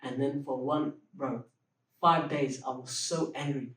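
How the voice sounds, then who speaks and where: A young man telling a story on a podcast as a guest, animated, acting out the dialogue of people in his story and laughing through the punchlines, often using religious expressions. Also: mid-range voice, a little slow. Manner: peppers speech with religious expressions. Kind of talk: casual storytelling chat. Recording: roomy echo, mic at a distance.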